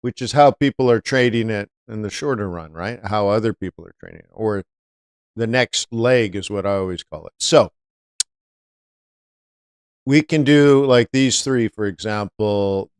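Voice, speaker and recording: Man, trading educator, chatty, smooth clear voice, dry close mic. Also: fairly low pitch, unhurried, no room sound. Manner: chatty, asks viewers rhetorical questions. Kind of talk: live-stream market lesson.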